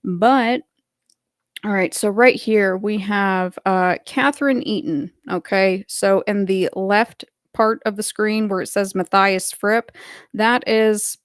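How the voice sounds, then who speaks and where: A woman's voice: medium pitch, slow pace, clear, resonant tone, no echo, studio quality. A woman hosting a livestream in a casual, rambling way with lots of filler words, stopping to greet viewers in the chat. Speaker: livestream host.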